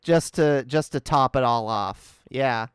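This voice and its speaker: A man's voice: medium pitch, slow pace, smooth, dry recording, clean studio sound. A man giving casual, profane reaction commentary on a video, incredulous and rambling. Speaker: commentary streamer.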